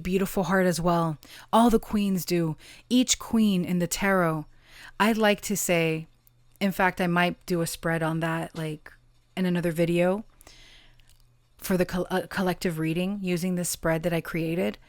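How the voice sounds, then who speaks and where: A woman giving an intimate pick-a-card tarot reading, slow and earnest, affirming her listeners and drawing out key words. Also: lowish voice, no room sound. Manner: gets emotional and laughs softly at times; occasional swearing and casual fillers.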